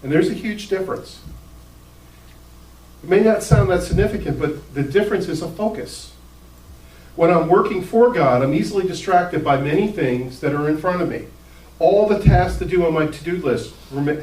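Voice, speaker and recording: A man's voice: a little high, moderate pace. A male pastor preaching in a casual, conversational way, acting out the people in his story. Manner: casual, conversational, animated with acted-out quotes. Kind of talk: sermon. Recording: roomy hall, distant mic, faint ambience.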